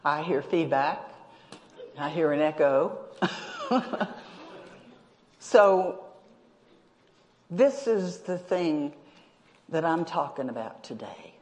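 A woman's voice: deep voice, animated, very slow, long pauses. A woman preaching a sermon in a humorous way, chuckling often and addressing the congregation directly. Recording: long hall reverb.

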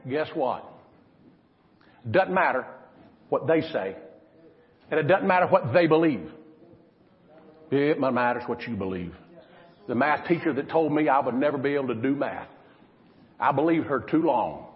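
Animated preaching man in a hall. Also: medium pitch, unhurried, long pauses. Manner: dramatic preaching, swinging from loud to hushed. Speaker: pastor. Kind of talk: sermon. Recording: lo-fi recording in a reverberant hall.

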